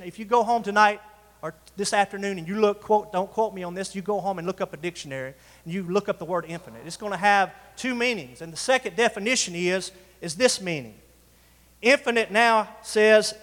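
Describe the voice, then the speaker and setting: In a reverberant church sanctuary, a male pastor with a high, slightly bright voice delivers a sermon. He prompts the congregation to respond and stretches certain words for emphasis.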